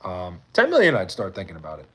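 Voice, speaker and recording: A man's voice: sits low, wildly swooping pitch, fast, fairly bright tone, breathy edge. Profane, rambling male livestreamer. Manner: profane, rambling storytelling with many fillers; reads and answers chat comments. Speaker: livestream host. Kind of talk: casual chat with live viewers.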